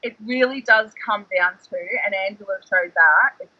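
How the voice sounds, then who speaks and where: A man, a guest telling animated stories in casual chat, heavy on the word "like". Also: high-pitched, moderate pace, no echo, lo-fi sound. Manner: excitable, animated storyteller, fillers like "like". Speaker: guest, former reality show contestant.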